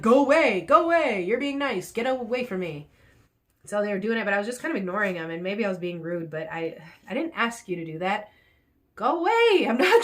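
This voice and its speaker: Vlogger, woman, worn out after a workout, venting then steadying herself. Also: medium pitch. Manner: venting, animated when recounting, quiet when reflecting. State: tired and sore after a workout. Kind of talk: rambling personal vlog.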